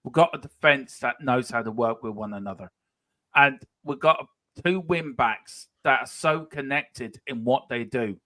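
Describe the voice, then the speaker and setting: A man on a fan panel talking football in a casual, animated way, stressing his points and repeating phrases. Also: mid-range voice, measured pace, no echo.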